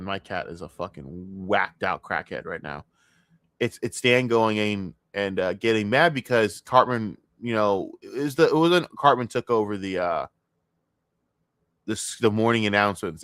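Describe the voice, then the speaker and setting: A man streaming a reaction to a video, ranting and swearing constantly, with sudden loud outbursts between muttered asides. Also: lowish voice, no room sound, studio quality. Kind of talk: casual profane reaction commentary.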